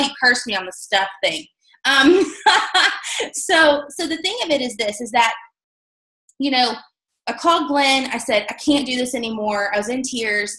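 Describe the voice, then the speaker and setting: A woman's voice: a little high, a bit bright. Chatty woman speaker in an echoey room. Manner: chatty, candid, self-deprecating, many fillers. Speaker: motivational speaker at a sales team event. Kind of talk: conversational motivational talk.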